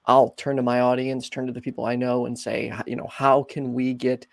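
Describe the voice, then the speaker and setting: A man hosting a call-in show, talking in a relaxed, friendly way with many fillers. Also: medium pitch, a little fast, vocal fry, no room sound. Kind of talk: casual call-in talk.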